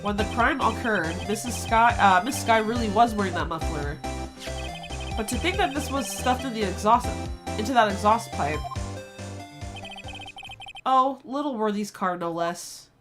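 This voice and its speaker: A woman's voice: mid-range voice, lively intonation, normal speed. Playful woman reading game dialogue aloud. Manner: playful, reads game lines aloud with goofy asides and laughter. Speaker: gaming streamer. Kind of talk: let's play with dialogue read aloud. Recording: music playing behind the voice.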